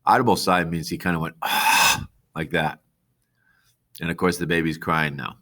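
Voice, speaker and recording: A man's voice: deep voice, little pitch movement, moderate pace, a bit bright. A man teaching a class, reading a novel aloud and stopping to explain words to his students. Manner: plain read-aloud with asides to the class.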